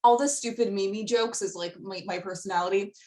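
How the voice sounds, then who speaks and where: Woman guest on a podcast, giggly, lots of "like", middle pitch. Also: fairly quick, dark tone. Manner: chatty, giggly, lots of "like" fillers. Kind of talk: casual chat.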